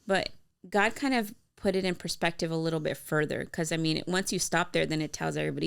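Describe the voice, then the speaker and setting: A woman with a heavily gravelly yet smooth, resonant voice, pitched a little low. She co-hosts a casual faith-based podcast chat and talks in a rambling way, full of fillers and restarts. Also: fairly quick, fairly bright tone. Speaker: podcast co-host.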